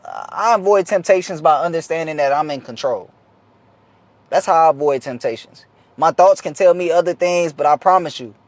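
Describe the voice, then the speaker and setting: A man's voice: fairly high pitch, dry recording. A young man talking casually to the camera, giving an earnest, slangy, repetitive motivational talk as a vlogger.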